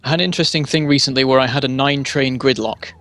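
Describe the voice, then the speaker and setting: A man's voice: mid-range voice, fast, fairly bright tone. A man in casual chat while playing a multiplayer game, explaining things at length with lots of fillers.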